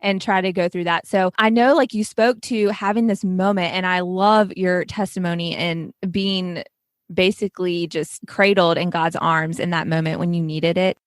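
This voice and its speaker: A woman's voice: lowish voice, steady tone, moderate pace, no room sound, clean studio sound. A young woman hosting a podcast, talking casually and earnestly about faith, with lots of "like" fillers. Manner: chatty, many "like" fillers, earnest. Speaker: podcast host.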